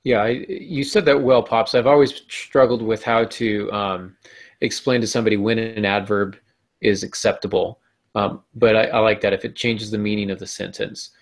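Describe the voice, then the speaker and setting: Reflective man with a lowish voice. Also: level tone, moderate pace. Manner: reflective, agreeable. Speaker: writing teacher and podcast host. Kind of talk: casual podcast discussion.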